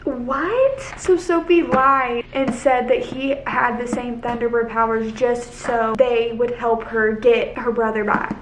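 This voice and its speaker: Excitable young woman rambling in an echoey room. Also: fairly high pitch, a little slow, few pauses. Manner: excitable, rambling, heavy use of "like". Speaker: book vlogger. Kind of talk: casual reading vlog chat. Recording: echoey room with faint noise.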